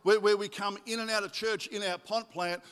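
Animated man preaching in an echoey church. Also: high voice, normal speed, clear, resonant tone. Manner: animated, joking with the congregation. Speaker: guest preacher. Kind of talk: sermon. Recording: echoey hall with long reverb.

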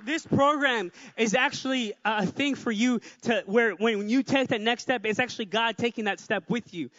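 A man's voice: extremely high pitch, a bit bright, big-room sound, highs cut off. A man preaching a sermon with energy, repeating phrases for emphasis and adding joking asides. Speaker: pastor.

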